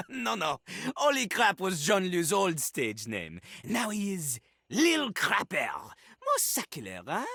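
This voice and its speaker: A man's voice: high voice, wildly swooping pitch, slow, vocal fry, pushed and bright, no echo, full character voice. A man voicing a cocky male toilet rapper in a video game, with a French accent and boastful, sing-song rap delivery. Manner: boastful, sing-song rapping and hype talk. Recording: game audio with music behind.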